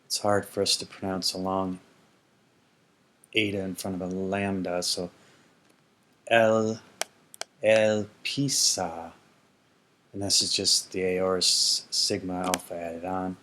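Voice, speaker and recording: A man's voice: low-pitched, completely flat delivery, normal speed, pushed and bright, slight background noise. A man teaching ancient Greek grammar in a casual explanatory lesson, thinking aloud and correcting himself as he goes.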